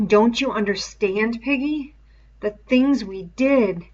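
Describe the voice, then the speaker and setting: A woman voicing a shaken teenage boy who speaks low, slow and stricken. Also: darkish tone, far from the mic, lo-fi sound.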